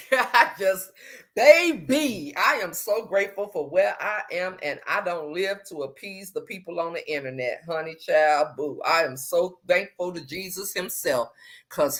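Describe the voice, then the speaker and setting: Sassy low-voiced woman with a bright edge. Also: a little slow. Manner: sassy, animated, swings from low muttering to loud exclamations. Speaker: livestream host reading viewer comments. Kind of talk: casual livestream chat.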